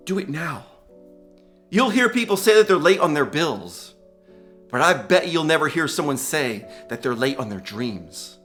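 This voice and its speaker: Man with gray hair, commencement speaker, upbeat and enthusiastic, lively high voice, bright tone, faint guitar behind. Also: a little slow. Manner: upbeat, enthusiastic, laughs often. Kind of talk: motivational commencement speech. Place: large ceremony hall.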